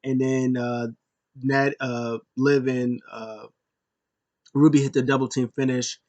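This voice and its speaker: A man talking at a middling pitch as he recaps a wrestling show in a loose, casual way. He rambles and corrects himself often, and breaks out in excited bursts now and then. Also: slow pace, muffled recording. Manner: rambling, many fillers and self-corrections.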